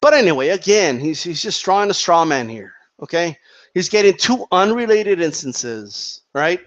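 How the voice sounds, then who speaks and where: A man's voice: sits high, very animated, moderate pace, dull audio. A man hosting his own commentary channel, giving a heated opinion monologue and checking in with "right?" and "okay?" as he goes. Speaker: boxing commentary channel host.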